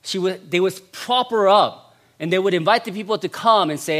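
Man, pastor, sermon, emphatic repetition, fairly high-pitched voice, loud then hushed. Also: a little fast. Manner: emphatic, repeats phrases for stress; dramatic swings from loud to hushed.

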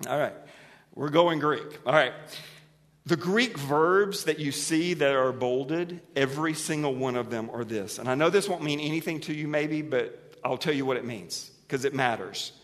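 A man preaching a sermon to his congregation, moving between quiet, low passages and loud, emphatic ones, asking them questions and having them repeat words back to him. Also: moderate pace. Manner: animated preaching that swings from hushed to emphatic. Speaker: pastor. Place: church sanctuary. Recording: long hall reverb.

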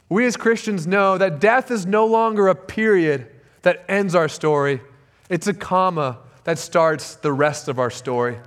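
A man's voice: sits high, a bit bright. A man preaching a sermon as pastor, earnest and emphatic, often repeating key phrases for weight.

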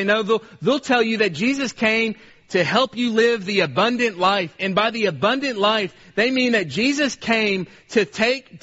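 A man's voice: high voice, fairly bright tone, highs cut off. A man delivering a sermon as a pastor in a church, with an earnest, repetitive preaching cadence. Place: church service.

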